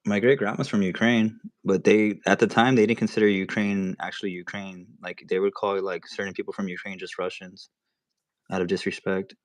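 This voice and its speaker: Young man, low voice, playful teaser, casual guest banter. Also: little pitch movement, fairly quick, no echo. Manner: joking, teasing, repeats catchphrases. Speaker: guest co-streamer. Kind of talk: casual chat.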